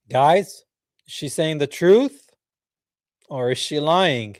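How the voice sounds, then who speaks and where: A man hosts a reaction video, his pitch bouncing widely as he mocks what he watches and turns to his viewers. He talks slowly and draws out his words. His voice is higher than most men's and sounds close and dry, with no room echo. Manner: animated and mocking, laughing often, addressing viewers as guys. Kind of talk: reaction commentary over a played clip.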